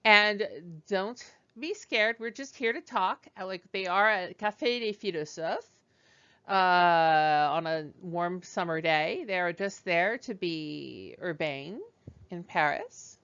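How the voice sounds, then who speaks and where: A woman teaching a beginner French lesson, slowly drilling pronunciation with patient, demonstrative repetition. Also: fairly low pitch, fairly bright tone, clear, resonant tone, muffled recording.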